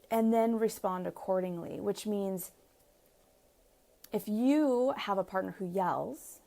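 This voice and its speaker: A woman's voice: mid-range voice, dark tone. A woman relationship coach giving chatty live advice to viewers, laughing often and acting out what partners say. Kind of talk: live-streamed advice talk.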